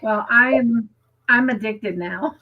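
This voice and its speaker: A woman's voice: fairly high pitch, takes it slowly, phone-quality sound. A woman co-hosting a crafting livestream, chatting casually and reading viewer comments aloud, with frequent giggles. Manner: chatty and giggly, lingers on stories.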